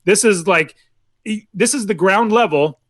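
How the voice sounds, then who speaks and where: A man's voice: high voice, unhurried, no echo, clean studio sound. A man co-hosting a casual movie podcast, telling stories in a rambling way, full of "like" and restarts. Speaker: podcast co-host.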